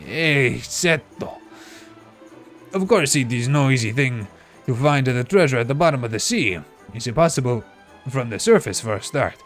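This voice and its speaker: A man's voice: medium pitch, animated, moderate pace, soft background music, close to an everyday voice. A man voicing an old Italian former sea captain, telling his tale in broken English with a put-on Italian accent. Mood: wistful.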